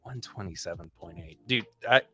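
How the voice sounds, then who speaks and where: A man's voice: sits low, moderate pace, fairly bright tone. A man hosting a casual livestream podcast, chatting enthusiastically through tasting notes and rambling with restarts. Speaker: podcast host.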